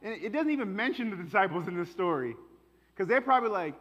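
A male pastor with a fairly high voice preaches with fervor and street-level warmth of phrase. His voice carries a long church-hall echo. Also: lively intonation, fast, dull audio. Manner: passionate, colloquial preaching. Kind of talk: sermon.

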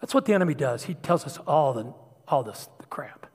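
A middle-aged man preaches a sermon with a slightly high, husky voice. He tells personal stories in a confessional way, dropping to a hush and then rising loud. His voice rings with long reverb in a large hall. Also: very animated, brisk. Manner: emotional, confessional storytelling with swings from hushed to loud.

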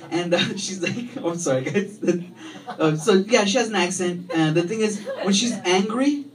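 Rambling male stand-up comic, lively. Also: high-pitched, unhurried. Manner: rambling, self-deprecating, riffs on the crowd. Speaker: stand-up comedian. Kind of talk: stand-up set. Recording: far from the mic, loud crowd laughter.

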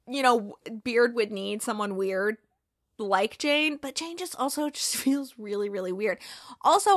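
A woman's voice: on the high side, a bit bright, no echo, studio quality. Chatty young woman recapping episodes. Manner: chatty, acts out characters' lines, frequent fillers and laughs.

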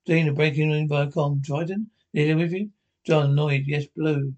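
Halting higher-voiced male reader. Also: steady tone, a little mellow, highs cut off. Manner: halting, frequent stumbles and repeated words. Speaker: narrator. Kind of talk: reading aloud a fan scene description of a TV episode.

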